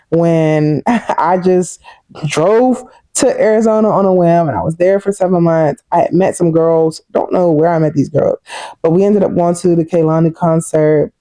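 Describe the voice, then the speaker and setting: A woman in her thirties talking casually and warmly to her viewers in a personal vlog, chatty and heartfelt. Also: fairly low pitch, no room sound. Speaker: vlogger.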